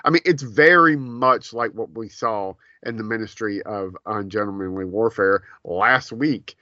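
A man with a bright, forceful voice chatting on a podcast, telling stories with animation and frequent laughter. The recording is dry and a little dull. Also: fairly low pitch, measured pace, dry recording. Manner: animated storytelling, laughs often. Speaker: podcast co-host. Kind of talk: casual chat.

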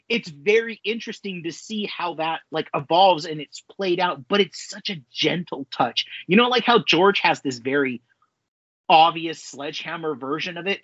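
A man co-hosts a casual pop-culture podcast, rambling in an animated way and swearing freely. His voice sits fairly high and a little husky. The recording is dry, with slightly dull, lo-fi sound. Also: no room sound. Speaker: podcast co-host.

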